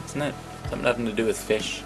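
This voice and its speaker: A man's voice: lowish voice, racing, soft background music. A man co-hosting a podcast in casual chat, with dry, teasing banter. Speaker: podcast co-host.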